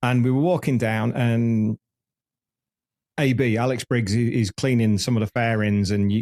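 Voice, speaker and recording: A man in his fifties, hosting a podcast, tells meandering stories in a candid interview and keeps restarting himself. His voice sits on the low side and is a little mellow.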